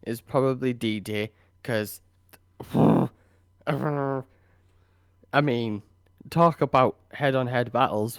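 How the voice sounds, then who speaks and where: A man's voice: medium pitch, no room sound, studio quality. A British man co-hosting a podcast, chatting casually with loose swearing, laughing often and acting out quotes. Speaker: podcast co-host. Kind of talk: casual chat.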